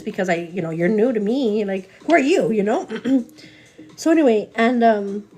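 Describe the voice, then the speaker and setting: Chatty young woman with a mellow voice. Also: a little high, normal speed, faint music behind. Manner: chatty, animated, calls viewers girl. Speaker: live morning show host. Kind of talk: casual storytelling chat.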